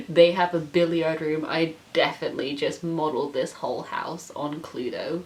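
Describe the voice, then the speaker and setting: A woman's voice: low-pitched, fairly even intonation, moderate pace, hardly any pauses. A young woman reading her own childhood story aloud, breaking off with laughing, self-mocking asides. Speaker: channel host reading her childhood writing.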